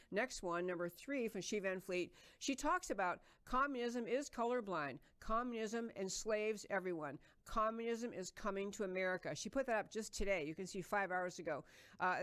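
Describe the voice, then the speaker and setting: A middle-aged woman hosts a political talk show in an unscripted monologue. Her voice sits at an ordinary middle pitch. She presses her points with earnest emphasis, often pausing on fillers and restarting sentences. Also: fairly bright tone.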